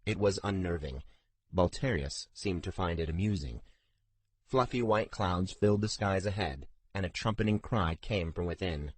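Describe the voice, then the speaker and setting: In a close, dry recording free of room sound, a male audiobook narrator with a very low voice delivers scripted fantasy narration. His reading stays steady and measured.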